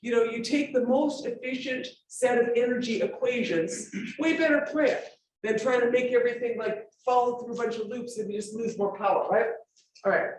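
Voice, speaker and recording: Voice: medium pitch, moderate pace. A forum speaker giving an informal public lecture with slides, emphatic and full of rhetorical questions, often checking that listeners follow. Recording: very echoey room, voice far from mic, faint ambience.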